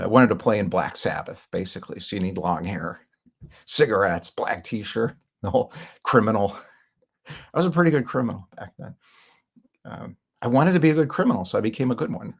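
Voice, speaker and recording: A middle-aged man talks through his own story in a loose, candid monologue, full of fillers and asides. His voice sits fairly low, with a gravelly, husky edge to it. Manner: rambling and candid, with filler words and short laughs. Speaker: founder telling his business story. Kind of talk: casual monologue.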